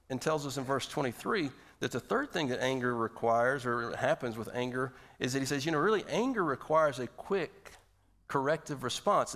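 A male pastor giving a sermon in a conversational, animated way, asking the audience rhetorical questions. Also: mid-range voice.

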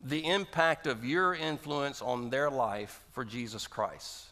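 A man's voice: mid-range voice, takes it slowly, bright, forceful tone. A man preaching a sermon as pastor, with an emphatic delivery that leans hard on repeated phrases. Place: church sanctuary. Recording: long hall reverb.

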